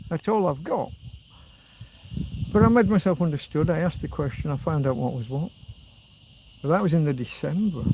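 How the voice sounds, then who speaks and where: A man's voice: fairly high pitch, noisy background. A middle-aged man hosting a rambling livestream, reading out viewer comments and answering them as he goes. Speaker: livestream host. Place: outdoors in a rural spot.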